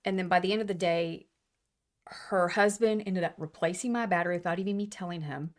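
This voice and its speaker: A woman co-hosting a podcast, telling a story in emotional, animated casual chat. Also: fairly low pitch, a little fast. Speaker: podcast co-host.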